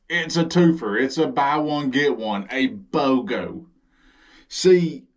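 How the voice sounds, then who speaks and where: A sarcastic man with a Southern US accent hosts his own comedy monologue. He talks slowly and drawls, sounding exasperated as he goes. His voice sits at a middle pitch. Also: distant mic. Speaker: comedy vlogger.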